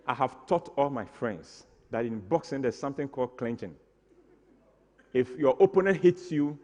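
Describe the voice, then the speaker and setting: A man's voice: mid-range voice, long reverb tail, highs cut off. A man tells a comic story on stage, acting out the scenes with mock drama. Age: 60s. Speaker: stage performer.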